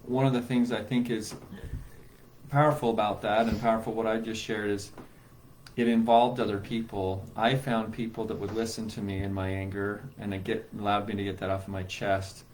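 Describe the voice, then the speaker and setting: A man's voice: on the low side, flat delivery, normal speed, darkish tone, a little hiss or hum, poor audio. A man co-hosting a reflective conversation about grief. He speaks in a thoughtful, sincere way. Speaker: podcast co-host.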